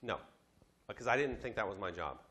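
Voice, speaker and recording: A man teaching a class, telling a business story in a lively lecture style, acting out the voices he quotes. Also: on the low side, fairly quick. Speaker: instructor.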